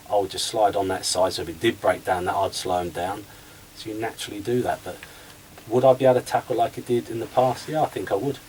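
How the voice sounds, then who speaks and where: A man's voice: sits low, recorded from a distance, slight background noise, rough recording. A man who used to play football, talking as a guest on a radio show and acting out conversations as he tells stories. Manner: animated storyteller, acts out conversations. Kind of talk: radio interview chat.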